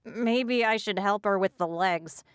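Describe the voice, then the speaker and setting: A woman's voice: mid-range voice, measured pace, clear, resonant tone, dry recording, close to an everyday voice. A woman voices a spiteful teen tattletale from a storybook who whines and makes excuses. Her voice is clean and dry.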